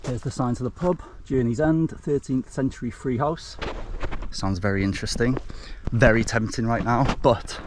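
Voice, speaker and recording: A chatty man talks straight to his viewers as he walks through country lanes and coastal paths, calling them folks. His voice sits at an ordinary middle pitch. The outdoor camera audio carries clear background noise and wind. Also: moderate pace. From Wales. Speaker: travel vlogger. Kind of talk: casual walking vlog.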